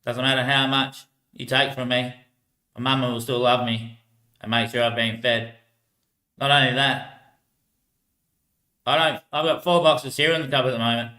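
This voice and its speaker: An Australian man rambling through casual stories about life on the streets, laughing often and trailing off quietly at the ends of his lines. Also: mid-range voice, fairly even intonation, moderate pace, pauses often, echoey room. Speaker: homeless man telling stories.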